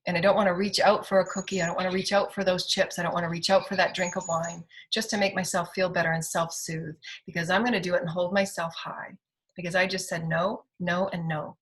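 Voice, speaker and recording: A woman's voice: lowish voice, little pitch movement, fairly quick, poor audio. Emphatic woman giving a spiritual monologue. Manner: emphatic, repeats affirmations. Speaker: spiritual healer and channel. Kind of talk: inspirational spoken monologue.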